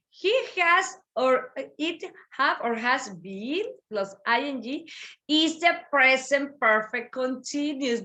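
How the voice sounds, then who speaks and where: Bright high-voiced woman teaching slowly. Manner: patient, repeats key phrases with expressive emphasis. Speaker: English teacher. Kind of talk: online grammar lesson, switching between English and Spanish. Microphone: video call.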